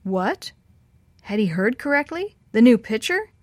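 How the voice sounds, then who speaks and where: A woman narrating a children's story in a calm, measured way. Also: fairly high pitch, no echo.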